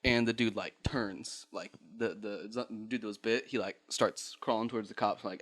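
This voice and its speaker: Bright-voiced man rambling through a story. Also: on the low side, fairly even intonation, moderate pace, few pauses. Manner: rambling, laughing, swears, acts out voices. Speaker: podcast host. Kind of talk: casual storytelling.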